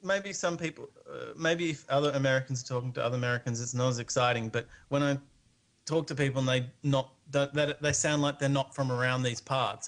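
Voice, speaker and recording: An Australian man speaking as a guest in a loose late-night conversation. He hesitates, fills pauses with ums and uhs, and laughs easily at the banter. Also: mid-range voice. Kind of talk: casual late-night chat.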